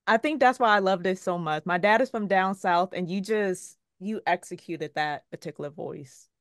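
A woman's voice: fairly low pitch, normal speed, no echo, studio quality. A woman co-hosting a podcast, asking questions with a fan's enthusiasm. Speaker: podcast co-host. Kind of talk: casual podcast interview.

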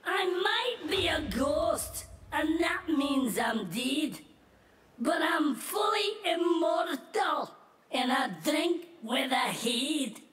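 A man's voice: very high-pitched, lively intonation, drawn-out words, bright, forceful tone, roomy sound, exaggerated voice. A masked man voicing a cheeky ghost in a put-on Scottish accent, boasting in playful rhymes. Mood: teasing. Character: cheeky male ghost in a sheet. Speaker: masked contestant.

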